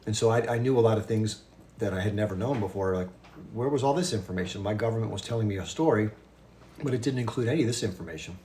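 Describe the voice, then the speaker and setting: A fast-talking man in his fifties holds a casual livestream chat with his viewers, his voice sitting on the low side. He rushes through his points, breaks off into asides and restarts himself. A faint hiss of noise runs behind him. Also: mellow. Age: 50s. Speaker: livestream host.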